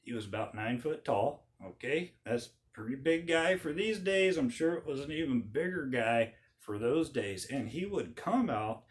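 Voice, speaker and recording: A man hosting his channel, telling an old story in a folksy, animated way. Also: medium pitch, normal speed, few pauses. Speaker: channel host. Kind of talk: casual storytelling.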